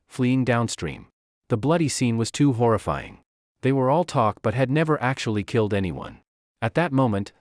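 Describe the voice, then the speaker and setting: A man's voice: medium pitch, a little mellow, no room sound, studio quality. A man narrating a comic story recap in a dramatic storytelling manner.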